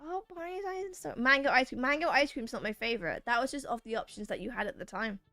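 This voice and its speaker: A woman with a high, bright-pitched voice chats with her viewers while she plays a game. She reads their messages aloud and teases them back. The sound is dry and close, with faint game music behind her. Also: fast talker, no echo. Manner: playful, chatty, reads chat messages aloud and banters back. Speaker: streamer playing a video game. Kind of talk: casual chat with a live chat while gaming.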